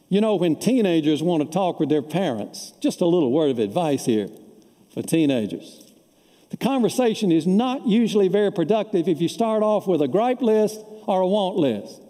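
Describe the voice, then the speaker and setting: Warm-voiced preacher man in a reverberant hall. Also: on the high side. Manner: storytelling preacher, folksy anecdotes. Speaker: pastor. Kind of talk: sermon. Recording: long reverb of a large hall.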